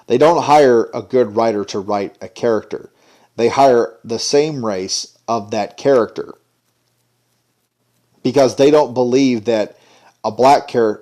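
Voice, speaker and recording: A man's voice: on the low side, a little mellow. A man giving an indignant, sarcastic ranting commentary. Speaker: commentary vlogger.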